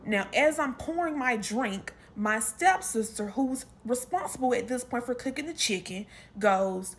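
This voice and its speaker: A woman with a high voice tells a casual family story straight to her viewers. Her pitch swings widely as she slips in and out of quoted dialogue. Her talk is slangy and animated. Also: measured pace, hardly any pauses. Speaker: storytime creator.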